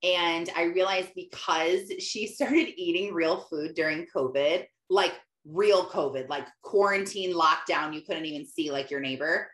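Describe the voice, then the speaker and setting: A woman hosting a casual live call, telling stories in an animated way and acting out her own lines with big jumps in pitch. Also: unhurried, hardly any pauses. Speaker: host, life coach. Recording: echoey room.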